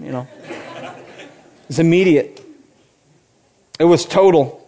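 A man's voice: a little high, moderate pace, pauses often, darkish tone. A man in his forties, a pastor preaching a sermon with passion, building to emphatic peaks and breaking off into playful asides.

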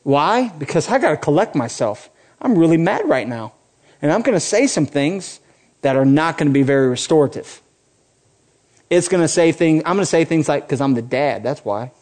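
A middle-aged man preaching a sermon in a conversational way, dropping his voice low for quoted lines and rising when animated. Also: normal speed. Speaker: pastor.

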